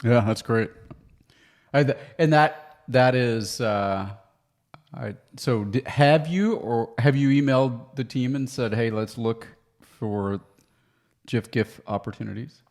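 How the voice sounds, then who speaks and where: A man co-hosting a podcast who chimes in with quick reactions and questions. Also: medium pitch, a little mellow. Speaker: podcast co-host. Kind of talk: casual podcast chat.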